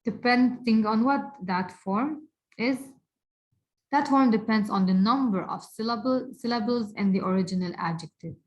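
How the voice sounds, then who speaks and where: A woman teaching a recorded English grammar lesson, repeating words slowly and deliberately for her students. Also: on the high side, darkish tone, dull audio. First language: Arabic.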